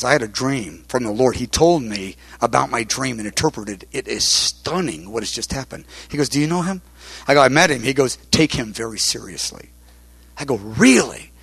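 A man preacher telling a personal testimony, retelling conversations line by line in a halting storytelling way, often restarting his words. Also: mid-range voice, vocal fry, fairly bright tone, breathy edge, no echo. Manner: retells conversations with many quoted lines.

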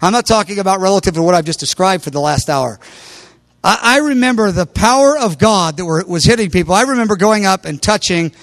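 A man's voice: sits high, animated, a little fast, fairly bright tone, dry recording. A man preaching, telling a story with animation and raising his voice when he quotes others. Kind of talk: sermon testimony.

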